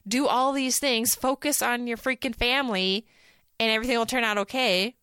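A woman co-hosting a casual podcast, talking in an animated, sarcastic way and often mimicking the people she quotes. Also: fairly high pitch, moderate pace, clear, resonant tone, dry recording, studio quality. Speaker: podcast co-host.

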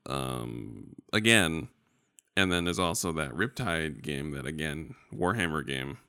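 A man's voice: rumbling low, expressive, measured pace, vocal fry, sharp tone, smooth, dry recording, studio quality. A man co-hosting a podcast in casual, rambling, joking chat. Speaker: podcast co-host.

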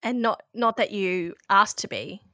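A woman interviewing a guest, asking gentle, sympathetic questions. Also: medium pitch, lively intonation, measured pace, dry recording, studio quality. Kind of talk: casual interview.

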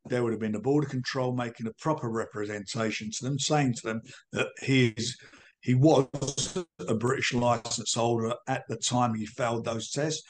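A man's voice: medium pitch, fairly even intonation, moderate pace. An older man and boxing promoter answering interview questions bluntly, with emphatic repetition and a combative edge.

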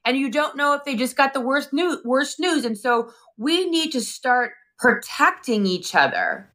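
A middle-aged woman co-hosting a casual live-stream chat, telling stories with animated back-and-forth. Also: sits high, unhurried. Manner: animated storyteller acting out both sides. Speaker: co-host.

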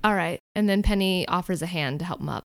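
A woman player in a tabletop game, speaking quickly and a bit nervously. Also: lowish voice, vocal fry. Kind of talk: tabletop role-play.

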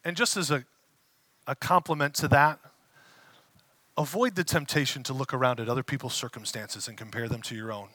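A man preaching a conversational sermon as a pastor, casual and animated, acting out the voices he quotes. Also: medium pitch, a little fast, pauses often, dry recording.

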